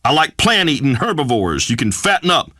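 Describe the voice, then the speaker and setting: A blustering redneck radio host. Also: male voice, medium pitch, very animated, a little fast, pushed and bright, no room sound. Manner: blustering, pompous pronouncements. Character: brash macho redneck male radio host, middle-aged. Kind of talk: scripted radio comedy acting.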